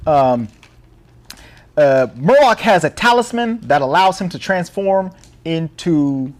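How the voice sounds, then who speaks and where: A man co-hosting a casual podcast, recapping a film plot in a loose, rambling way. His voice sits a bit high for a man, and he keeps stopping for ums, restarts and laughs. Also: animated, a little slow. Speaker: podcast co-host. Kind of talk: casual chat.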